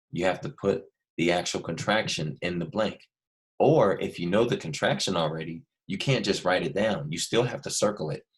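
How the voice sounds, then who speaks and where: Male teacher doing a video lesson for kids, low voice, goes over stuff again and again. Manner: patient, repeats key points slowly. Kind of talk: recorded video lesson for young students.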